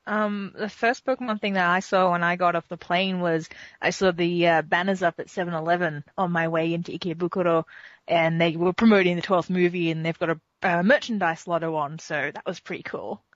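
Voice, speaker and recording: A woman's voice: fairly low pitch, fairly even intonation, a little fast, dry recording. Chatty Australian woman, dry and muffled. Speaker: podcast guest. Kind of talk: casual chat. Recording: dull lo-fi dry voice chat.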